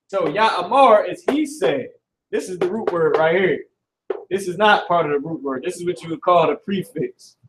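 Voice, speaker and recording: High-voiced man teaching a loose, slangy class. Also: slight background noise, low-quality recording. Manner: loose, slangy, profane, repeats himself. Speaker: Hebrew class instructor.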